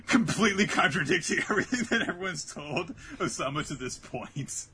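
A man's voice: medium pitch, brisk, a little hiss or hum. A man co-hosting a casual recap chat, swearing freely and laughing as he acts out quotes. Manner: animated, laughing, swears freely, jumps into character voices. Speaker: podcast co-host.

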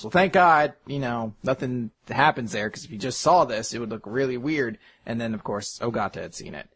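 A man's voice: on the high side, normal speed, few pauses, slightly rough. A man co-hosting a podcast, animatedly recapping an anime episode in casual chat and slipping into quoted voices. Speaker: podcast co-host.

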